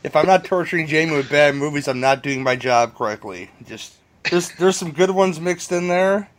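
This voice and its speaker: A man's voice: fairly high pitch, moderate pace. A man hosting a podcast, joking and rambling in casual chat with his guests. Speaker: podcast host.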